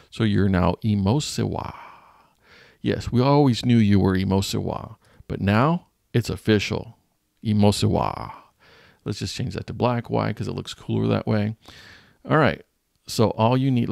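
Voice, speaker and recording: A man's voice: on the low side, creaky, a little mellow, no room sound, clean studio sound. A man who teaches, talking through a screen-recorded design tutorial in a jokey, self-mocking way while he thinks aloud. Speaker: teacher and channel host.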